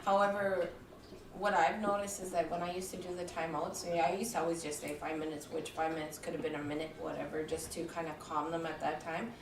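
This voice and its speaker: A woman's voice: low-pitched, flat delivery, fast. A woman, a mother, casually talking about disciplining her kids, with hesitant fillers. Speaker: mother in a large family. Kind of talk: casual talk show conversation. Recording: roomy and distant with noise.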